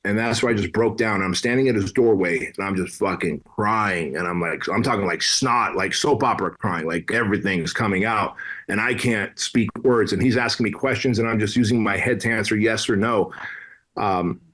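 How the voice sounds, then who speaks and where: A man's voice: fairly low pitch, normal speed, fairly bright tone. Blunt, profane man from Armenia. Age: 30s. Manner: blunt, profane, casual slang. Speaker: podcast guest. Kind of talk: candid conversational storytelling.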